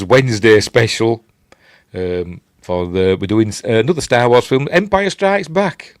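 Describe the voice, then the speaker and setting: A man's voice: on the low side, no echo, clean studio sound. An older man with a Yorkshire accent hosting a casual live-stream chat, rambling and self-deprecating as he reads out viewer comments. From Yorkshire, England. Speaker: host. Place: at home late at night.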